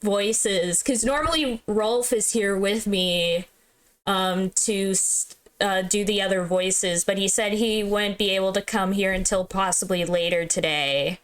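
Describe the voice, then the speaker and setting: A woman's voice: medium pitch, a little slow, clean tone. A young woman giving casual, giggly, playfully dramatic commentary while playing a visual novel. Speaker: game streamer. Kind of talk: casual let's-play commentary.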